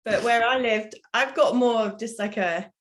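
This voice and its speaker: A woman's voice: fairly high pitch, moderate pace. A woman from England with a London accent, chatting as a podcast guest and laughing often. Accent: London English. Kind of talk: casual podcast chat.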